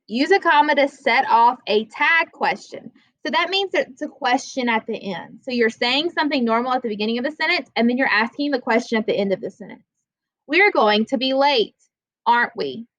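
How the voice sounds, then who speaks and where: A woman teaching a classroom grammar lesson, plainly explaining rules and slowly reading out example sentences. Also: fairly high pitch, a bit bright, no echo, poor audio.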